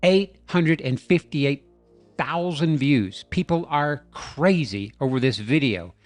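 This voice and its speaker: A man's voice: on the high side, expressive, takes it slowly, dry recording. A man hosting a comedic video breakdown, telling the scene as a playful, joking story. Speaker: YouTube host. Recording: dry voice-over with faint music.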